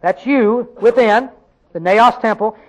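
A man preaches a sermon in a rural Southern American accent, his voice sitting unusually high for a man. He talks in a folksy, emphatic way, throwing questions out to the congregation and pressing his points home. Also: slow pace, poor audio.

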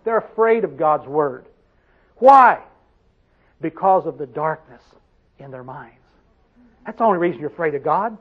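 Man, high voice, preacher, emphatic sermon, questions to congregation, muffled recording. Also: lively intonation, a little slow, long pauses.

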